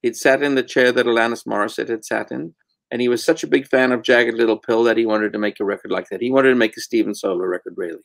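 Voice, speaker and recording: A man's voice: medium pitch, fairly even intonation, fast talker, vocal fry, no room sound. Blunt man, candid tales. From South Africa. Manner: blunt, candid storyteller, swears freely. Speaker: guest, record producer. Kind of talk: casual interview chat.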